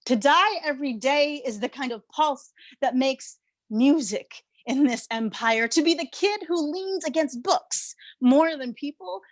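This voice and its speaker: A woman with a high, light voice reads a poem aloud in slow, deliberate spoken-word phrasing. Each line is given room. The sound is dry and close, with no room around it. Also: no room sound. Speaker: poet. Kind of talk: poetry reading.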